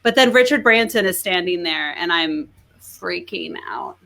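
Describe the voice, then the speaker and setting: Animated woman guest, bright and forceful tone, gushing chatter. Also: fairly low pitch, measured pace, creaky. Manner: excitable, gushing, lots of "like". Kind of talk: animated storytelling.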